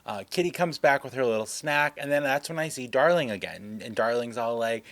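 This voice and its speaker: A man's voice: mid-range voice, moderate pace, a bit bright, no room sound. A young man telling a casual storytime vlog, rambling and self-mocking, full of filler words. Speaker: vlogger.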